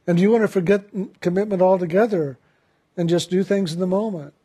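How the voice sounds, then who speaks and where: A man with a notably high voice delivers a spiritual talk. He speaks gently and reflectively, and laughs readily as he recounts a story. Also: fast talker, breathy edge. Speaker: spiritual teacher.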